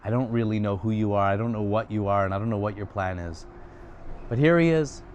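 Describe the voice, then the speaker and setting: A man's voice: on the low side, brisk, darkish tone, a little hiss or hum, pitched below the performer's own voice, lightly acted. A man voicing a troubled father and general. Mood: pleading. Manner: earnest, searching, talks in questions.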